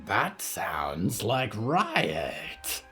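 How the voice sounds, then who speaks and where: A man voicing a huge bloated monster with a deep, rasping, croaking voice that talks slowly. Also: huge pitch swings, pushed and bright, soft background music, full character voice. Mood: sulky. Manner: slow, deep, muttering.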